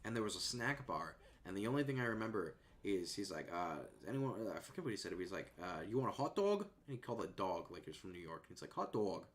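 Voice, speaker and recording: A man streaming and chatting casually at a desk microphone in a rambling, laid-back way that often trails off softly. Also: deep voice, lively intonation, fast talker, hardly any pauses. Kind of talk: casual chat.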